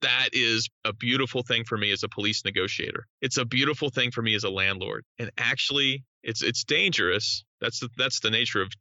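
A man's voice: medium pitch, fairly quick, few pauses, no echo, lo-fi sound. A man, a hostage negotiator, explaining negotiation in a podcast interview with emphatic, repetitive phrasing. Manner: emphatic, repeats phrases, rising excitement on key points.

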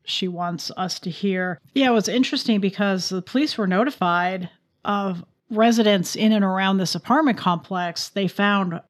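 A woman, co-hosting a true crime podcast and telling the case in a chatty way with quick asides. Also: medium pitch. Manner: chatty storytelling with asides and laughs. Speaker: podcast co-host.

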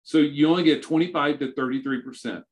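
A man's voice: on the high side, a little fast. A man hosting his own podcast, talking alone in a conversational way with dry sarcasm and frequent restarts. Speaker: podcast host. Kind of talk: solo podcast talk.

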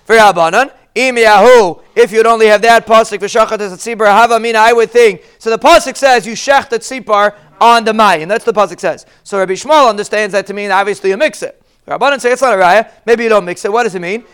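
A man's voice: high voice, fast, fairly bright tone, smooth. A man teaching a Talmud lesson, explaining each Hebrew phrase in plain English.

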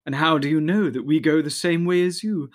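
A man voicing a band of immortal elves who speak in a slow, playful, teasing way. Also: on the high side, lightly acted. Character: group of teasing immortal elves, light and aloof.

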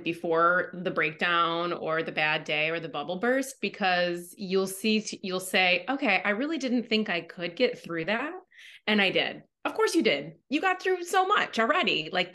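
A woman's voice: lowish voice, pushed and bright. A woman co-hosting a wellness podcast, talking frankly and emotionally about bad days and often acting out her own past words. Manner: frank and emotional, quoting herself dramatically. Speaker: podcast co-host. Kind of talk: candid wellness podcast chat.

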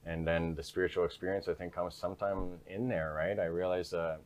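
Very deep, flat-voiced man talking frankly. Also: fairly quick. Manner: frank, repeats "right?" tags. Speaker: interview guest. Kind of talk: candid conversational storytelling.

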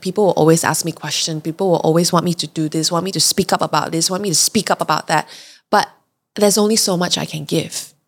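A young woman, hosting a podcast and telling a candid, confessional story in chatty fashion. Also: lowish voice. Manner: chatty and confessional, often acts out her own reactions. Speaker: podcast host.

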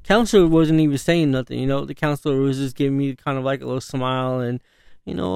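Man, dad, casual storyteller, slangy and laughing, smooth tone, dry mic. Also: fairly high pitch, fairly quick, a little mellow, no room sound. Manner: loose slangy talk, full of "you know" asides and laughs. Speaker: parent.

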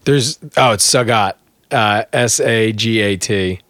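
A man's voice: fairly low pitch, slow, a bit bright, no room sound, studio quality. A young man co-hosting a podcast, laid-back and crude, laughing often, talking into a porch mic. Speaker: podcast co-host. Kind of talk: casual chat. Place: porch, outdoors. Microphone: two mics on a porch.

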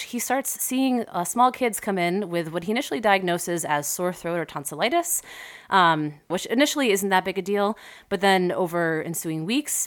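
A woman with a fairly low voice, chatting easily as a podcast co-host. She tells her story at an unhurried, conversational pace and laughs readily. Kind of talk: casual chat.

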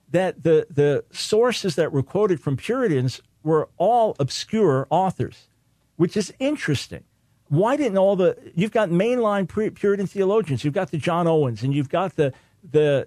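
A man hosting a talk radio show, speaking in a fairly high register with an insistent, emphatic delivery. He hammers his points home through repetition. The recording is dry and close, with no room echo. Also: darkish tone.

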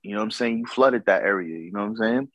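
A man's voice: lowish voice, quick pace, a bit bright, no room sound, low-quality recording. A man telling a casual story about a night out, slangy and profane, acting out what others said.

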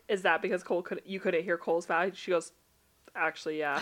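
Lively young woman telling stories, lowish voice. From Utah. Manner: animated storyteller, laughs often, quick bursts of rising pitch. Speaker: podcast co-host. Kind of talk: casual chat.

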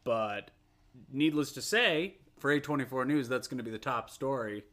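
A man's voice: mid-range voice, normal speed, a bit bright. Pedantic male podcast co-host. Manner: pedantic, correcting. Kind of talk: casual chat.

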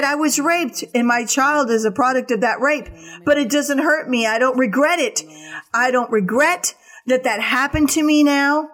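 A woman's voice: sits high, fairly bright tone. A woman preaching a sermon, giving earnest exhortations in short repeated commands.

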